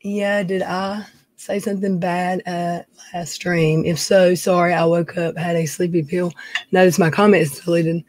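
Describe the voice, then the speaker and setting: A woman's voice: lowish voice, little pitch movement, measured pace, a little mellow, no room sound. A middle-aged woman, chatting casually on a home live stream, reading viewer names and talking in a folksy way. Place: dim room at home.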